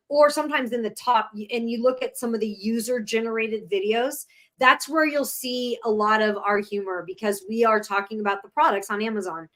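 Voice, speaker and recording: A woman's voice: on the high side, fairly bright tone. A woman hosting a live show, chatting in a bubbly, rambling way with frequent laughs. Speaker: host. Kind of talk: casual live-show chat.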